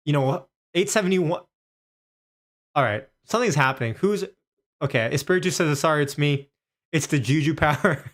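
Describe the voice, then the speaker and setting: A man talks into a desk mic for a live stock stream and reads each new price aloud with growing excitement. He repeats words and trails off, in a mid-range voice. It is loose, unscripted commentary. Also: mid-range voice.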